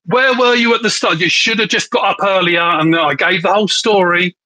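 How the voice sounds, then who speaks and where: A man's voice: sits high, fairly quick, sharp tone, no echo, low-quality recording. A man with an English accent chatting on a live stream, joking and rambling with lots of "like". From England. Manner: joking, rambling, says "like" often. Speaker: livestream co-host. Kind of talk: casual live chat.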